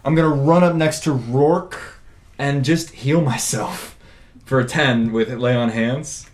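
A man's voice: mid-range voice, measured pace, slight background noise. A man playing in a tabletop game, chatty and thinking aloud about his turn. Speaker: player. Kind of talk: casual tabletop game play.

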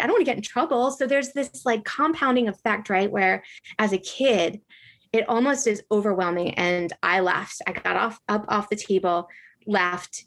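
A woman's voice: a little high, normal speed, a bit bright. A woman chatting casually and telling a story with lots of energy. She fills her talk with fillers and keeps checking in with tag questions. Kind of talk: casual conversation.

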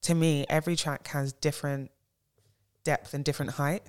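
A woman's voice: low voice, fairly even intonation, normal speed. A woman co-hosting a casual podcast chat, groping for words and saying "like" a lot. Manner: searching for words, many "like" fillers. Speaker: podcast co-host.

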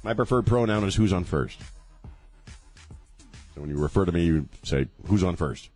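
A man's voice: deep voice, expressive, moderate pace, darkish tone, faint music behind. A man in his fifties hosting a talk radio show, joking sarcastically and rambling, sounding tired. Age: 50s. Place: radio studio.

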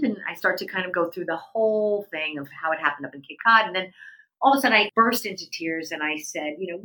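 Middle-aged woman, bright, low-pitched, animated storyteller, interview guest. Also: a little fast, rough recording. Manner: animated storyteller, voice leaps up when quoting people.

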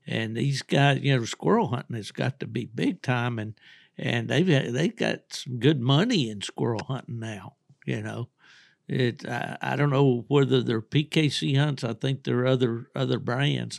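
An older man with a gravelly, creaky voice spins folksy, rambling stories as a podcast host. He talks in a relaxed, easygoing way and chuckles often. The sound is dry and close, with little room echo. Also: medium pitch. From Southern West Virginia. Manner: folksy, rambling storyteller who laughs often. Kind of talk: casual storytelling chat.

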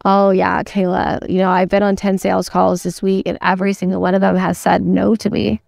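A woman playing a struggling, frustrated female salesperson who talks in a halting, self-doubting way in a sales training role-play. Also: medium pitch, flat delivery, creaky, a little mellow, no room sound, studio quality. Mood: weary.

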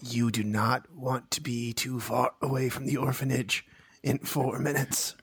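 A man doing a slow stern warning voice. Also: mid-range voice, flat delivery, fairly bright tone, breathy edge, no echo, exaggerated voice.

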